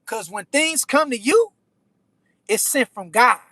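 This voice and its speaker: Man, high pitch, bright tone, dry close sound, slangy preachy livestream chat. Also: lively intonation, slow, no room sound. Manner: slangy, preachy life advice, repeats phrases. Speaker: livestream host reading chat. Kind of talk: casual chat.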